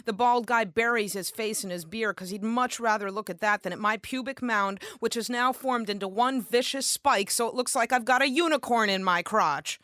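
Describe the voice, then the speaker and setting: A woman performing spoken word poetry with a deadpan, sardonic, rhythmic delivery. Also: mid-range voice, no echo, studio quality.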